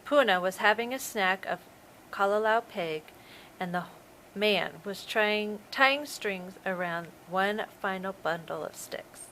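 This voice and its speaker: A woman, a preschool teacher, reading a storybook aloud to young children in a slow, expressive way. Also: mid-range voice, slight background noise, rough recording.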